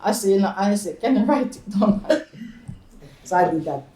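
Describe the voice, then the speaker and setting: Woman, Jamaican accent, fifties, chatty storyteller, laughs often, mid pitch, roomy echo. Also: expressive, moderate pace, mellow. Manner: laughs often, slips into patois. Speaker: oral history interviewee. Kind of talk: personal storytelling. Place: community centre room. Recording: echoey room.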